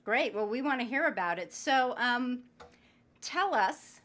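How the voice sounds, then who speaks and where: A woman's voice: fairly high pitch, lively intonation, a little slow, fairly bright tone. A woman hosting a podcast interview, chatty and upbeat, introducing her guest with light jokes. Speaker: podcast host.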